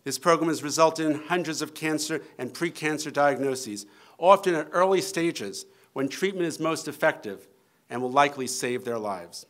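A man reads prepared remarks at a public announcement, his voice slightly high. He keeps a measured, formal delivery as he leads up to the governor. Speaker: official introducing the governor.

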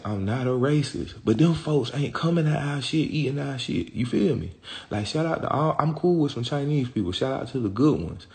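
A man's voice: mid-range voice, lively intonation, normal speed, gravelly, darkish tone. A man talking as an interview guest in casual street talk, rambling and slang-heavy, swearing often and asking "you feel me" again and again.

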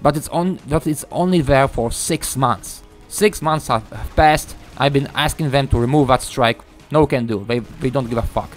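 A young man giving a ranting gameplay commentary, frustrated and swearing, halting with many fillers. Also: mid-range voice, soft background music. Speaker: gaming YouTuber.

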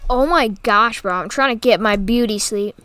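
A woman's voice: fairly high pitch, moderate pace, a bit bright, clean tone, no echo. A woman giving casual gameplay commentary, giggling, exclaiming and teasing the game's characters. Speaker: gaming YouTuber.

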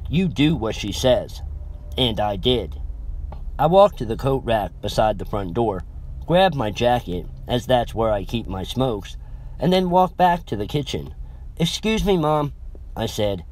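A man's voice: medium pitch, a little mellow. Chatty man narrating his own story. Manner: chatty, rambling, self-aware asides. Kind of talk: first-person story narration.

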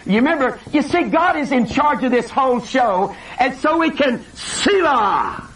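An older male preacher delivers a sermon in a high, lively voice that leaps up and down as he acts out scripture quotes. He is picked up from across the room, and a faint hiss sits behind him. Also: unhurried. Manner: animated, dramatic preaching with acted-out quotes. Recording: distant mic with faint hiss.

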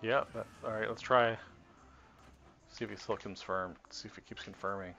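A man's voice: lowish voice, fairly even intonation, moderate pace, vocal fry, pushed and bright. Rambling man streaming combo practice. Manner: rambling, self-correcting, talks to himself while testing. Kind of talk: casual live-stream commentary while playing. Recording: dull lo-fi stream audio with faint game music. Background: faint game music.

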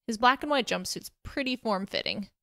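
A woman's voice: mid-range voice, quick pace, fairly bright tone, dry recording, studio quality, lightly acted. A woman voicing a bubbly, chipper teenage girl hero who likes to tease. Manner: chipper and teasing.

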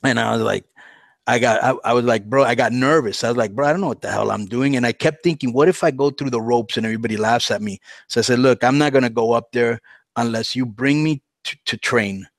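A man telling a long story on a podcast, casual and animated, acting out the voices he quotes. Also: medium pitch, fast, gravelly, no echo. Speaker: podcast guest.

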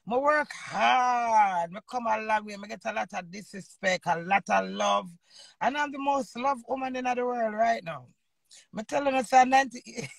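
Gravelly, loud Jamaican woman in her fifties. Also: fairly high pitch, no echo. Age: 50s. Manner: loud, combative, swearing freely. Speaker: entertainer and host. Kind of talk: unscripted live rant.

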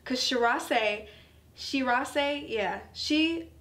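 Brief: chatty woman doing an anime review, slangy and animated, slightly high voice. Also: extremely slow. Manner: animated, slangy, laughing asides. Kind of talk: casual review chat.

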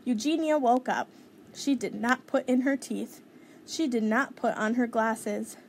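Woman, storybook reader, bright higher voice, faint background hiss. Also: fairly even intonation. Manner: clear, measured storytelling. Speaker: children's book reader. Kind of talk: reading a picture book aloud.

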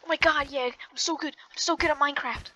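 Woman gamer, high and bright, hyper, jokey play-by-play commentary. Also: fast talker, slight background noise, poor audio. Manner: excitable, jokey, yells at the game. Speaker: gaming YouTuber. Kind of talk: live gameplay commentary.

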